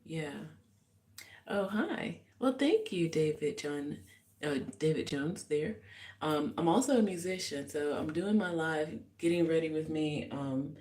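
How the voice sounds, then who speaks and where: A woman's voice: low voice, expressive, a little slow, a little mellow, roomy sound, low-quality recording. A woman musician chatting casually in a live get-ready-with-me vlog, rambling and reflective with many fillers. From United States. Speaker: musician and vlogger. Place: small hotel bathroom indoors.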